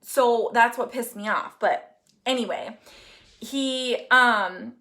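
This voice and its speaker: A woman's voice: a little high, takes it slowly, bright, forceful tone. Chatty young woman telling a story. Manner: chatty storytelling with many fillers and asides to viewers. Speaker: host of a live Q&A. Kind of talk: casual live-stream chat.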